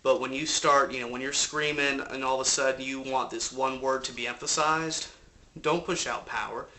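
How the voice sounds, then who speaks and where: Male vocal coach, bright edgy voice, slight cold, loose and profane, apartment recording. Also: mid-range voice, fairly even intonation, moderate pace, a little hiss or hum. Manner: loose, rambling explanations with fillers and occasional swearing. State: has a cold. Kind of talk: casual instructional talk.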